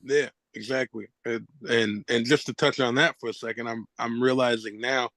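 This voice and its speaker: A man, a hip hop artist, talking as a guest in a casual conversation, loose and expressive, swearing and laughing often. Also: mid-range voice, moderate pace, no echo.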